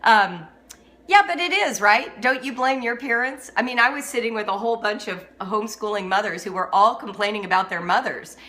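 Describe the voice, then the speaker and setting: A woman's voice: mid-range voice, a little fast. A middle-aged woman hosting a live-streamed talk on homeschooling, speaking emphatically and laughing often as she answers viewers. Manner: animated, emphatic, laughs often, teases herself. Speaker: homeschooling educator and host. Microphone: phone or webcam.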